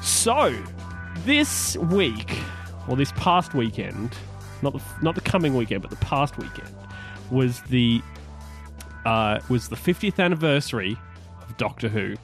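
A man's voice: medium pitch, big pitch swings, a little slow, fairly bright tone, faint music behind. A man co-hosting a casual geek podcast, opening in an upbeat way, then rambling with many restarts. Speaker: podcast co-host.

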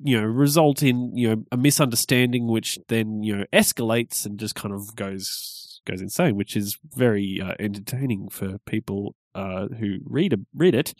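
A man with a lowish voice co-hosting a casual podcast. He thinks aloud, pausing and filling gaps with "you know" as he works through ideas. The sound is close and dry. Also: no echo. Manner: thoughtful, hesitant, many fillers. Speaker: podcast co-host.

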